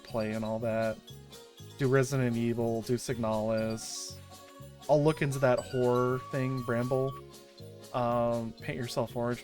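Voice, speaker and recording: Gushing, slow-talking woman streamer. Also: very deep voice. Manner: gushing and excitable, with frequent restarts. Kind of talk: casual livestream chat.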